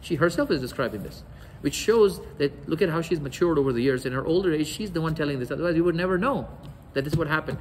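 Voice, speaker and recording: Man giving an animated religious lecture. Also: a little high, quick pace, hardly any pauses, slight background noise, low-quality recording. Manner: storytelling, acts out quoted dialogue.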